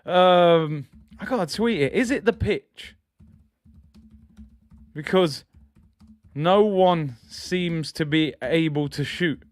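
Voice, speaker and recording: A man hosting a live football watch-along, reacting loudly to play and reading out viewer comments. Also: takes it slowly, pauses often, dry recording. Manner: excitable, trailing off with a low "people"; reads out chat comments between play calls.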